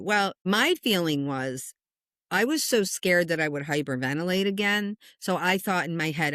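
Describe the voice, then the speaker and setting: A woman in her sixties, a spiritual medium, telling a personal story in a casual interview, chatty and lively, acting out the voices of the people in it. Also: fairly low pitch, moderate pace, no echo, clean studio sound. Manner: animated storyteller who acts out quoted voices; chatty, with frequent "you know" and "like".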